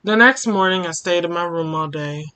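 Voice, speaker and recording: A man's voice: high-pitched, moderate pace, bright, forceful tone, smooth. A young man reading a fan fiction story aloud for his channel, emotional, often stopping to comment and sigh. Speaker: storytime YouTuber.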